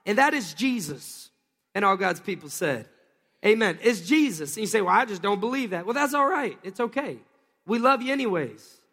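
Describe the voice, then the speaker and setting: In a church sanctuary, a man with a light, high voice gives an energetic sermon, calling for responses from the crowd and pausing for them to answer. The sound rings with a long reverb typical of a big church hall.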